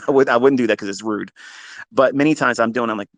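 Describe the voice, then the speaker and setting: A male trading educator gives a profane motivational lecture at a brisk pace, with no echo in the recording. He's blunt, swears heavily, and repeats points for emphasis, lurching between loud outbursts and quiet asides.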